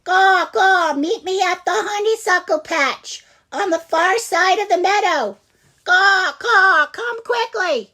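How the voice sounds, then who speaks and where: A woman reading a children's story and putting on the shrill, cawing call of a bossy mother blue jay. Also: slow, pushed and bright, full character voice.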